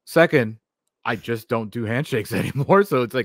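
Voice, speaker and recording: A man's voice: mid-range voice, animated, moderate pace, no echo. A male radio co-host in a studio, bantering in a laid-back way and laughing along with the host. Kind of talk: casual sports talk show chat. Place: broadcast studio.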